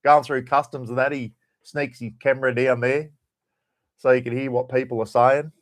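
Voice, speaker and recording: A man's voice: mid-range voice, little pitch movement, normal speed. A middle-aged Australian man hosting a casual live stream, chatting loosely and greeting viewers by name. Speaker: livestream host.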